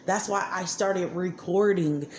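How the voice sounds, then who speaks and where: A woman's voice: lowish voice, measured pace. A woman ranting angrily and profanely about her life and her children's father. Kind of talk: angry personal monologue. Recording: echoey room with faint background noise.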